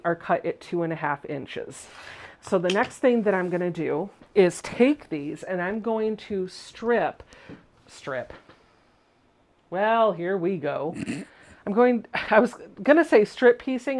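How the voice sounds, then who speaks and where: A woman from Virginia hosting a casual sewing tutorial on a livestream from her home sewing room. She is chatty, laughs easily, and corrects her wording mid-sentence. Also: mid-range voice. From Virginia, USA. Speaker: sewing channel host.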